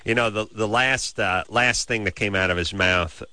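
Wry, rambling low-voiced male host. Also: moderate pace, bright, forceful tone, no room sound. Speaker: radio show host. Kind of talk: casual comic radio banter.

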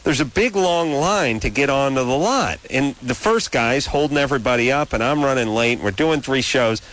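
A man's voice: mid-range voice, animated, normal speed, a bit bright. Exasperated male radio host telling stories. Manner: rambling, exasperated, acts out both sides of exchanges. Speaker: radio talk show host. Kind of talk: casual comic storytelling.

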